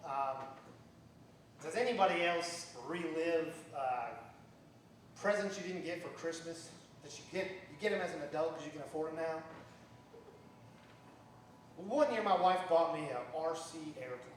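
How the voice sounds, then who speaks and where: A man's voice: moderate pace, pauses often, slight background noise. A man in his fifties with a Southern American accent, telling wry stand-up stories at an open mic in a bar. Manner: wry storytelling with lively swings in pitch. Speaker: stand-up comic. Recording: echoey bar recorded from far off.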